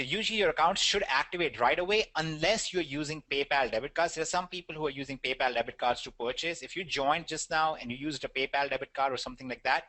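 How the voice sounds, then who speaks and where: Bright, brisk webinar host man. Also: medium pitch, no echo. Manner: brisk, joking, reassuring.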